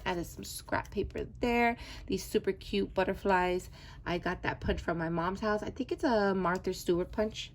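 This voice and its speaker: A woman's voice: medium pitch, a little hiss or hum. A woman vlogger chatting through her craft projects, gushing and often correcting herself. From New York. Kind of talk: casual show-and-tell narration.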